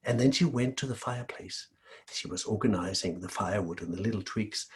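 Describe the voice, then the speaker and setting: Expressive male storyteller from Denmark. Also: lowish voice, fairly quick. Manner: lively, expressive. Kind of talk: oral folk-tale storytelling.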